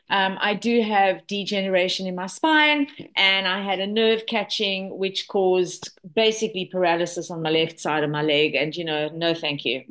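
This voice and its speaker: Enthusiastic woman in her sixties presenting. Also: on the low side. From South Africa. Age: 60s. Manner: chatty, enthusiastic testimonial with many fillers. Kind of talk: online product presentation.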